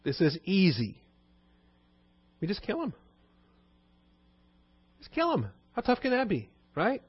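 A man voicing a smug, scheming male high priest who acts like a know-it-all, brushing things off breezily. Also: huge pitch swings, slow, husky, heavily acted. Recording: dull dry recording.

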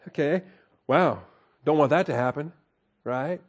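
A man's voice: fairly high pitch, slow pace, pauses often, dull audio. A man teaching a Bible study in a folksy, conversational way, reading scripture aloud and breaking off to comment with a chuckle.

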